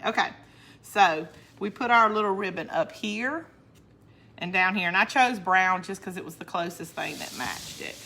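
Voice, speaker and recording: A talkative woman from the northern United States, hosting a crafting stream with a slightly low voice. She chats, teases her viewers and laughs often. A faint hum of room noise sits behind her. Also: animated, moderate pace, bright, forceful tone. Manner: chatty, laughs often, talks back to viewer comments. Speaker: crafting channel host. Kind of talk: casual livestream crafting chat.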